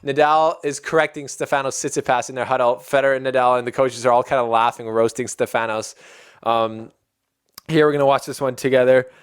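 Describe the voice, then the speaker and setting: A man hosting a casual tennis recap video, chatty and excitable and often breaking into laughter. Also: mid-range voice, fairly quick, smooth.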